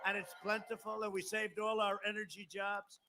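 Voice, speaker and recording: A man's voice: high-pitched, level tone, moderate pace, pushed and bright. A man in his seventies giving a rambling, emphatic campaign speech outdoors on a podium microphone, with asides to the crowd. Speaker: politician at a campaign rally. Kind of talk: rally speech. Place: outdoor rally at an airport. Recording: outdoor live broadcast with faint crowd noise.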